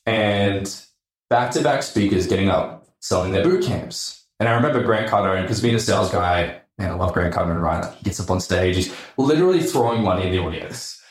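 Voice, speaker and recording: An Australian man on a podcast tells his story in a casual, animated way. His voice sits low, and he throws in swear words and acts out other people's quotes as he goes. The room around him is echoey. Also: brisk. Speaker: podcast guest, entrepreneur.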